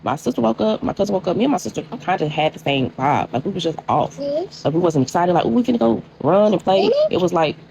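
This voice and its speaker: A woman's voice: on the low side, big pitch swings, fast, gravelly, darkish tone, a little hiss or hum, low-quality recording. A young woman telling a personal storytime casually, talking straight to viewers with lots of filler words. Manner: chatty, addresses viewers as y'all, many likes.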